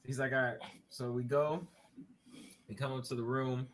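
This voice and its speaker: A man with a New York accent, a podcast guest telling a story from his bedroom over a webcam, animated and swearing, laughing as he goes. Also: mid-range voice, moderate pace. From Brooklyn, New York. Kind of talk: casual podcast chat, storytelling. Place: bedroom at home.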